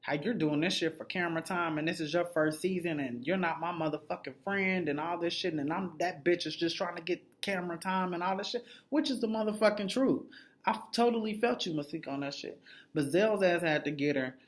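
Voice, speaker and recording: A man with a high-pitched voice talks fairly quickly, giving a casual recap of a reality show episode as a TV recap reviewer. He's blunt and gossipy, swears a lot, and slips into the voices of the people he describes.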